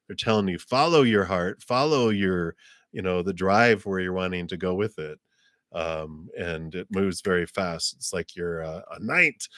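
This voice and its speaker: A man with a low voice talks through live tarot readings in a loose, rambling way, full of ums and "you know." He slips into little laughs and briefly acts out other people's reactions. The sound is dry and close, with no room echo. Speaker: tarot card reader. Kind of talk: live-stream card reading.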